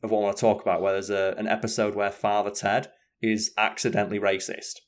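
Casual male co-host, low-pitched, sweary and animated. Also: fast. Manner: chatty, sweary, animated storytelling. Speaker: podcast co-host. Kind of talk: casual chat.

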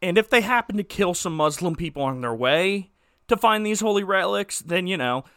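A man co-hosting a casual comedy podcast, recapping a movie in an animated, joking way. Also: high voice, moderate pace, clear, resonant tone, no echo, clean studio sound. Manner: jokey, animated storytelling, puts on silly voices for characters.

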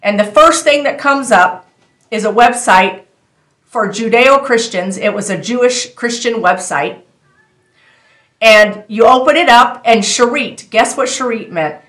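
A woman's voice: on the high side, measured pace, echoey room. Earnest woman sharing a faith testimony. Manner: earnest, animated storytelling that addresses viewers directly. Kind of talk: casual spoken testimony.

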